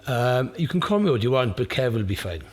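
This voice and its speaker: A man taking part as the super fan guest on a casual podcast. He gives good-humoured, quick replies. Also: medium pitch, big pitch swings, slight background noise. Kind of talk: casual pub chat.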